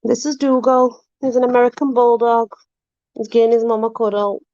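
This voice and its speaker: A woman's voice: fairly high pitch, steady tone, normal speed, mellow, no room sound, muffled recording. A woman chatting casually, apologetic and self-deprecating, fussing over her dogs. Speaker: channel host with dogs. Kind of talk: casual chat.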